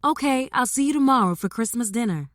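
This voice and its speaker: A woman's voice: a little high, lively intonation, brisk, a bit bright, dry recording, clean studio sound, pitched above the performer's own voice. A woman voicing a playful, affectionate younger sister who teases and mimics her family. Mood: brisk. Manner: teasing, mimicking.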